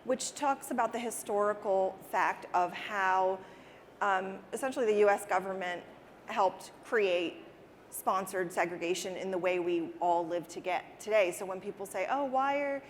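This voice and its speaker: A woman's voice: mid-range voice, steady tone, moderate pace, a little hiss or hum. Earnest woman in a reverberant hall. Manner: earnest, repeats words as she restarts. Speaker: interview guest, interior designer. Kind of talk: conversational interview answers. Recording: reverberant hall with faint ambience.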